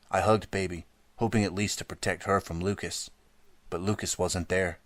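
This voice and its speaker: A man narrating an audiobook in a steady first-person storytelling manner, close to the mic. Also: sits low, normal speed, no room sound. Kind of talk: scripted narration.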